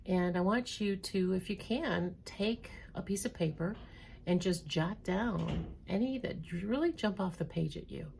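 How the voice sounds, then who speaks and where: A woman therapist giving a calm, measured educational talk, reading items slowly. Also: on the low side, gravelly, slight background noise. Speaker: trauma therapist.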